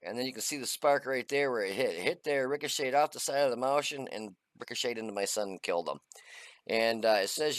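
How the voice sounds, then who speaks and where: A man's voice: medium pitch, fast talker, no echo. Folksy middle-aged man narrating gameplay. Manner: chatty, folksy, many uh fillers. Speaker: gaming channel host. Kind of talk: casual gameplay commentary.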